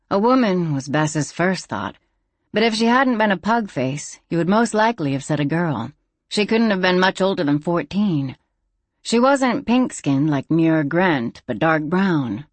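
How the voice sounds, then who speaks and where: A steady audiobook narrator reading a novel in a measured, even way at a middle pitch. The recording is close and dry, with nothing around the voice. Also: no room sound.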